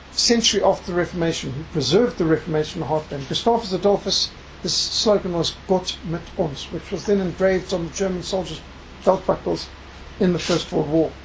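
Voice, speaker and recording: An emphatic preacher delivers a sermon in a mid-range voice, weaving scripture readings into the message. Key phrases are drawn out slowly for weight. Faint background noise sits under the voice. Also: mid-range voice, low-quality recording. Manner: emphatic, slows down to stress key words; reads scripture aloud within the talk. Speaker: preacher and missionary.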